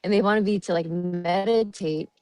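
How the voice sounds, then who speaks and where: A woman's voice: mid-range voice, steady tone, normal speed, a little mellow, no echo, faint music behind. A woman guest chatting on a podcast, giggly and dreamy, with many fillers. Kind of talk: casual podcast chat.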